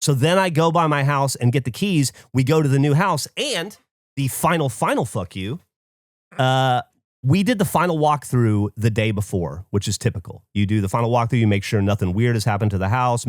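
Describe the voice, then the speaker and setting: A podcast co-host tells a story as a casual, profane rant, acting out other people's lines with animation. His mid-range voice moves a little fast, captured in clean studio sound with no echo.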